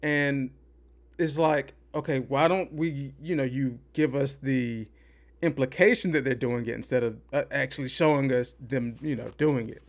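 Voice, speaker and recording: A man's voice: mid-range voice, steady tone, normal speed. A man hosting a podcast, giving an opinionated, rambling movie review and repeating himself for emphasis. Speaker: podcast host. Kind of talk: casual movie review rant.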